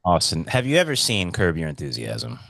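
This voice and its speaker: A man's voice: sits low, huge pitch swings, brisk, vocal fry, fairly bright tone, no room sound. A man with a slight Southern drawl, co-hosting a podcast and teasing his brothers with sarcastic, mock-serious banter. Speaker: podcast co-host.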